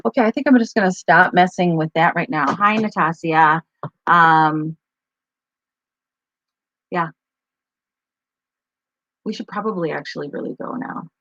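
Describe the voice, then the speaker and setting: A woman's voice: fairly low pitch, a little slow, pauses often, a bit bright, dull audio, slight background noise. A woman co-hosting a live stream, telling stories in a rambling, chatty way full of fillers. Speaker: co-host of a live advocacy stream. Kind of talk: casual live-stream chat.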